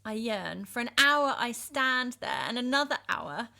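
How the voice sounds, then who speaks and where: Brief: woman voicing a passionate jealous lover, bright and high, swinging between tenderness and bitterness. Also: sing-song, a little slow, creaky, full character voice. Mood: brooding. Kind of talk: dramatic reading of a verse epic.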